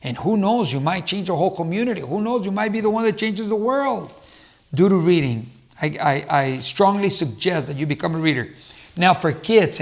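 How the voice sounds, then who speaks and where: Man, middle-aged, slightly high voice, earnest, casual advice talk, former teacher, restarts often. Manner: earnest, repeats himself with restarts. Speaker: motivational speaker and former teacher.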